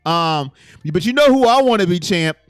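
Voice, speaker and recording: Animated male live-stream host, high lively voice. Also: normal speed, smooth, no echo, studio quality, soft background music. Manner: animated, jumps between low mutters and loud exclamations. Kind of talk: casual live chat reading fan comments.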